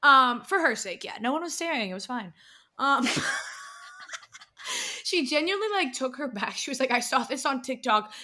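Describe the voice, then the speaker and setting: With a high voice and an unhurried delivery broken by frequent pauses, a young woman co-hosting a podcast tells a story. The chat is casual, and she swears freely while acting out quotes with animation.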